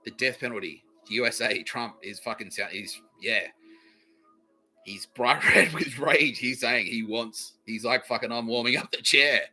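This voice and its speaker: A man's voice: mid-range voice, measured pace, bright, forceful tone, husky, soft background music, rough recording. A man hosting a comedy podcast, delivering a profane, repetitive monologue and laughing at his own lines. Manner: swears constantly, repeats phrases, laughs at own lines. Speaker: podcast host.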